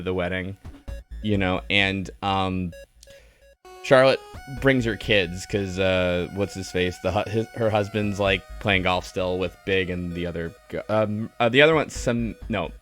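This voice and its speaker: A man's voice: deep voice, unhurried, a bit bright, faint music behind. A man giving a casual, rambling movie review on a stream, sardonic and full of fillers and restarts.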